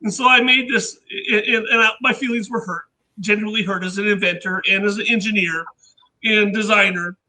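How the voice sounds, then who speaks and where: Squeaky, very high-voiced man telling stories. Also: fairly even intonation, a little fast, sharp tone, low-quality recording. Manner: rambling anecdotes, acting out others' remarks. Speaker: podcast guest, inventor and engineer. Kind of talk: casual storytelling chat.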